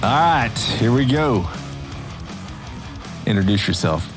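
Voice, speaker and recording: A man's voice: mid-range voice, lively intonation, slow, over music. A middle-aged man hosting a podcast, chatting casually and joking often with his guest. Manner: jokey, laughs often. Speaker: podcast host. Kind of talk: casual chat.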